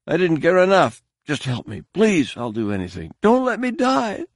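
A man's voice: medium pitch, huge pitch swings, a little slow, vocal fry, darkish tone, dry recording, clean studio sound, pitched above the performer's own voice, full character voice. A man voicing a wounded, pleading ex-warrior. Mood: pained pleading. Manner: gasping, strained, breathless pleading.

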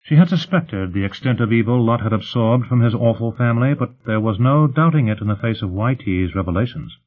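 A man reading a novel aloud in an even, measured narration. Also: medium pitch. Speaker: audiobook narrator. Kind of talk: scripted narration. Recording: tinny phone-like sound.

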